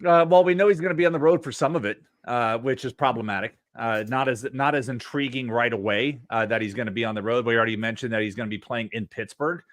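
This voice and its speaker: A man's voice: mid-range voice, quick pace, few pauses, dry recording. A man co-hosting a fantasy baseball podcast, talking in a sarcastic, rambling way. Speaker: podcast co-host. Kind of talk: casual podcast chat.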